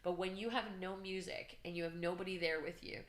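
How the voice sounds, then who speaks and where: A woman guest telling her story in an interview, animated and earnest, acting out shouts and her own inner voice. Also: on the low side, brisk, echoey room. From Canada. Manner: emotional, earnest. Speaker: podcast guest, business coach.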